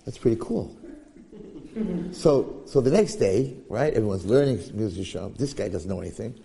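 A man's voice: fairly low pitch, lively intonation, a little fast, vocal fry, mellow, long reverb tail. A man giving an informal, joking Torah class, acting out stories as he goes. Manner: joking, conversational, acts out stories. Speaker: Torah teacher.

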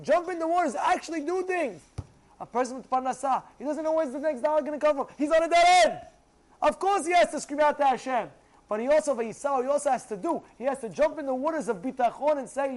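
A man's voice: extremely high pitch, lively intonation, fast, poor audio. A man giving a Torah class, quizzing his listeners and acting out pleas to God. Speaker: Torah teacher.

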